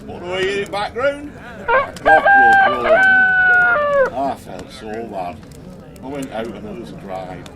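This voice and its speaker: A man's voice: fairly high pitch, background noise, heavily acted. A man playing the apostle Peter, retelling the story in a chatty, folksy voice full of fillers. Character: the apostle Peter, plain-spoken working fisherman. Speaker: Christian ministry performer. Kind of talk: first-person storytelling monologue.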